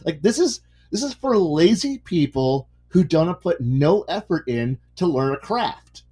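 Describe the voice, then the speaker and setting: A man's voice: a little high, sing-song, a little slow, warm tone, breathy edge. A man chatting casually while painting miniatures, ranting and swearing as he goes. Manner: ranting, profane, restarts sentences. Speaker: hobby miniature painter hosting a stream.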